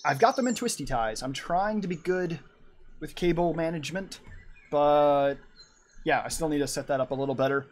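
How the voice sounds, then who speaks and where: A man's voice: a little high, moderate pace, a little hiss or hum. A man streaming from his room at home, chatting casually and rambling while he draws and answers his chat. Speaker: art streamer.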